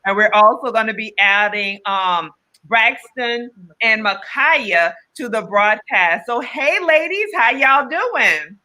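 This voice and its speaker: A woman's voice: a little high, animated, slow pace, pushed and bright, poor audio. A woman co-hosting a live podcast broadcast over a video call, chatting casually and telling upbeat stories. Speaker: podcast co-host.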